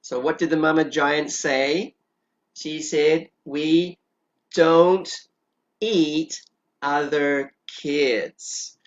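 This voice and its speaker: A woman's voice: low-pitched, fairly even intonation, drawn-out words, highs cut off. A woman kindergarten teacher who patiently prompts small children during story time and draws her words out.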